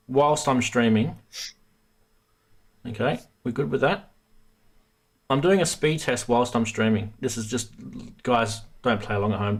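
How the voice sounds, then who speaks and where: Casual male livestream host, talkative, swears offhand, laughs a lot. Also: medium pitch.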